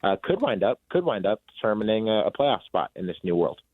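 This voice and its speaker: Male guest analyst on a phone line, very low voice, thoughtful and measured, dry sound. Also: big pitch swings, dry recording. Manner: thoughtful, measured, with many fillers. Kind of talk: casual chat.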